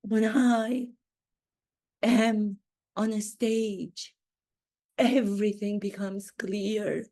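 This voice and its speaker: A woman putting on a vain, self-pitying duchess in a satirical impression, speaking slowly and theatrically. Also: a little high, vocal fry, a little mellow, exaggerated voice. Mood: dreamy. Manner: slow, grandiose, theatrical delivery with drawn-out words. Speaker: acting coach.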